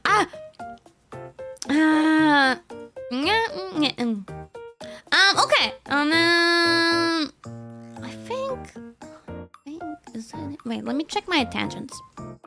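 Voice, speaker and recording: A woman's voice: high-pitched, big pitch swings, takes it slowly, long pauses, over music. A young woman chatting casually on her stream, rambling with fillers and frequent giggles. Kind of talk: casual chat.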